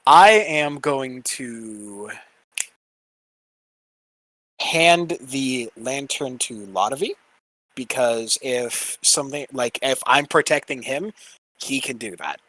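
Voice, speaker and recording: Brief: male player, slow and hesitant, bright voice, dry sound. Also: mid-range voice, expressive, poor audio. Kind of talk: tabletop game play.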